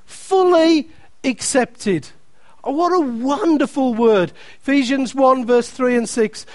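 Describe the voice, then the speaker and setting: Guy preaching a sermon, real high voice, dry sound, reads scripture, cracks little jokes. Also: slow pace, dry recording. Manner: emphatic, repeating key phrases, reading scripture aloud; playful asides to the congregation.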